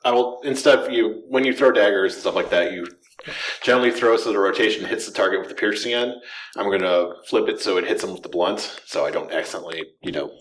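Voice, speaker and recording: A man playing in a tabletop game, playful and quick to laugh. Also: on the low side. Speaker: player. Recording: echoey room, faint noise.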